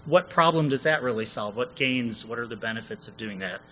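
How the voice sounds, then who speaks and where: A man's voice: medium pitch, lively intonation, fairly quick, pushed and bright, slight background noise, low-quality recording. A man co-presenting a comedic conference session, chatty and jokey, often asking the audience questions.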